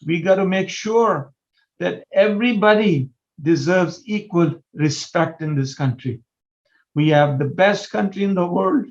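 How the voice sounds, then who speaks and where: A man's voice: high voice, measured pace. Impassioned older man, muffled remote audio. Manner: impassioned, emphatic, rhetorical questions. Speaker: guest, disability housing advocate. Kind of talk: panel discussion.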